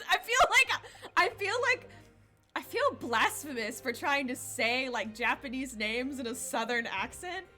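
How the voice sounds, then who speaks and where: A woman's voice: high-pitched, lively intonation, a little slow, sharp tone, soft background music. A woman streaming a story game from home, chatting casually, giggling, and reading lines aloud. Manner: giggly and chatty, breaking into laughs. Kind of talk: casual let's-play commentary with read-aloud dialogue.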